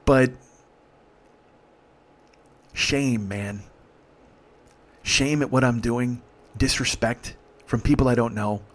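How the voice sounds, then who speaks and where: A man's voice: mid-range voice, slow pace, pauses often. Middle-aged male host, emphatic profane storyteller, mid-range voice. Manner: emphatic, heavy swearing, vivid retelling.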